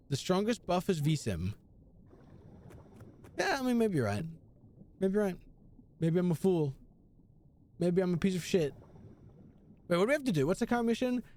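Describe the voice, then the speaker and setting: A young man streaming a video game live, chatting casually and playfully with his chat, slipping into jokey bits and mock pleading. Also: sits high.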